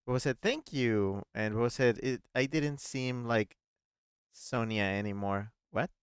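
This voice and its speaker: A playful male streamer with a smooth, resonant voice at a middle pitch, reading chat messages and puzzling over clues as he plays. The sound is close and dry, with no room sound. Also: no room sound. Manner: chatty, playful, thinks out loud. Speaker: gaming streamer, host. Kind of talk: casual let's-play commentary, reading chat aloud.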